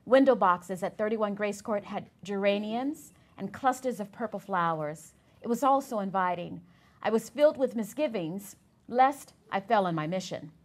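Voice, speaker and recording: A woman reads a memoir excerpt aloud to a class, telling the story with expression. Her pitch moves in a lively way through each sentence, at an ordinary middle height. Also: normal speed. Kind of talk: reading a memoir aloud in a lecture.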